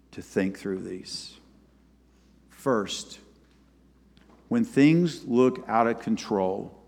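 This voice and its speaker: Male pastor preaching, goes loud then soft, long echo from a big church hall. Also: on the low side, creaky. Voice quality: retells scripture with quoted voices. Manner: animated, swings from loud to soft. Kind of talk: sermon.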